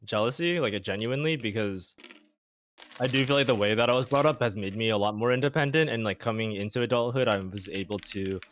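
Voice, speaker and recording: A young man speaking as an interview guest in casual chat, reflective and halting, leaning heavily on "like.". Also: fairly low pitch, a bit bright, a little hiss or hum. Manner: reflective, halting, heavy use of "like".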